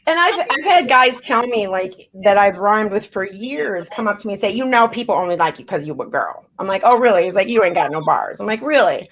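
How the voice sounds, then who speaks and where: A woman's voice: medium pitch, animated, a little fast, hardly any pauses, fairly bright tone. A woman in her thirties chatting as a guest rapper, telling stories animatedly, acting out quotes and swearing freely. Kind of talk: casual chat.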